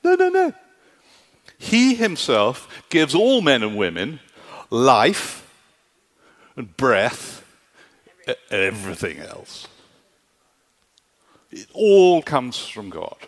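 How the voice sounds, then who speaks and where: A man of medium pitch preaches with emphatic conviction, stressing his key points and turning to the congregation to ask whether they follow. His voice rings out with a long reverb, as if filling a large hall or church. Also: big pitch swings, drawn-out words, pauses often. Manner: emphatic, often asks "do you see?". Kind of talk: sermon.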